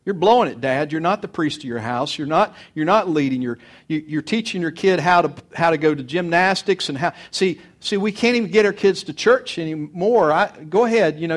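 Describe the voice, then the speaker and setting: A middle-aged pastor preaching a sermon, earnest, swinging between loud urging and soft confiding. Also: male voice, a little high, fairly quick.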